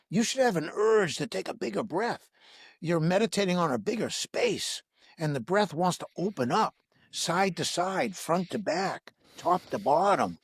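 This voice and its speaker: A man guiding listeners through a breath-awareness meditation in a slow, soothing, instructive way, asking repeated gentle questions. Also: high voice, no echo, studio quality. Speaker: breathwork teacher, podcast guest.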